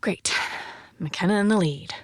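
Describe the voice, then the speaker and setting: A woman reading a science fiction audiobook in an even, measured narration. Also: medium pitch, dry recording.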